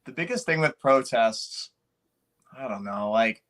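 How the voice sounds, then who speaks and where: A man's voice: mid-range voice, animated, a little slow, a bit bright. A young man co-hosting a casual podcast, hesitant and searching for his words. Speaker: podcast co-host.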